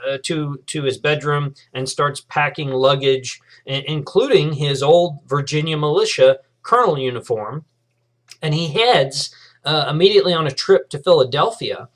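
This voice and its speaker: A middle-aged man, a history professor giving a recorded lecture in a relaxed way, with many fillers and restarts. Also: a little high.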